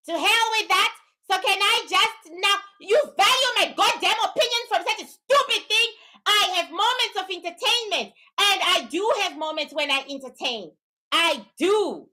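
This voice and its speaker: A middle-aged woman with a very high, bright, sharp-edged voice rants to her livestream viewers without a script. She scolds in a fiery, profane way while giving her spiritual readings. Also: lively intonation, normal speed, low-quality recording. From lives in Canada. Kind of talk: unscripted livestream rant.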